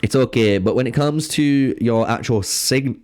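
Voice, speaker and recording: A man's voice: mid-range voice, normal speed, darkish tone. Chatty man commenting on game news. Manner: chatty, filler-heavy, addresses viewers as guys. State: has the hiccups. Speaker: gaming YouTuber.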